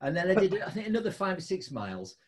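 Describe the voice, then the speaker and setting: Lively, high-voiced storytelling man. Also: fast talker. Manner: animated, laughing storyteller with big pitch jumps. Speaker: podcast host. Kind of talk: casual storytelling chat.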